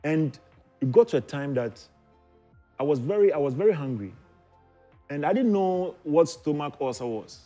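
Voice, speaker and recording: A man's voice: fairly high pitch, expressive, moderate pace, long pauses, dark tone, faint music behind. A man with a Ghanaian accent chatting as a talk show guest, teasing and emotional, laughing often. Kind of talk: casual chat.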